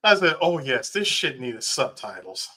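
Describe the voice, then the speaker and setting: A man's voice: mid-range voice, big pitch swings, moderate pace, pushed and bright. A man co-hosting a podcast, chatting casually and telling jokes while laughing through them. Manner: joking, laughing through his stories. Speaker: podcast co-host. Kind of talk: casual chat.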